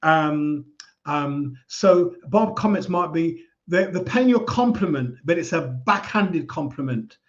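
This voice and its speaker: A man giving calm, measured advice in a casual talk. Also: on the high side, highs cut off. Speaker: speaker giving life advice.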